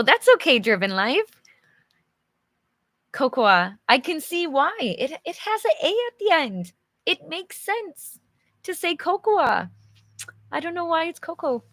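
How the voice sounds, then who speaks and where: Slow, bright-voiced woman teaching English. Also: on the high side, dry recording, studio quality. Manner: friendly and chatty, asks viewers questions, laughs often. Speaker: English teacher reading a storybook to learners on a live stream. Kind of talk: slow, clear live teaching and read-aloud.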